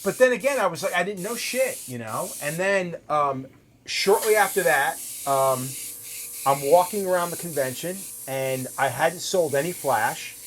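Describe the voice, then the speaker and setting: A middle-aged man hosting a casual chat, telling stories in a profane, animated way and acting out what people said. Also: a little high, moderate pace, a little hiss or hum, rough recording. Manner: profane, animated storyteller acting out quoted lines. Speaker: host, tattoo artist.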